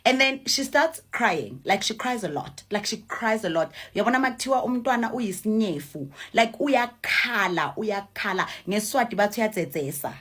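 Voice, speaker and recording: A woman's voice: mid-range voice, expressive, normal speed, few pauses, fairly bright tone, husky. A young woman with a South African accent talks casually about her own life in an ordinary mid-range voice. Swati is her first language, and she often repeats a phrase for emphasis. She also moves between English and Zulu or Swati words. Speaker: mother telling her own story. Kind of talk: casual storytelling.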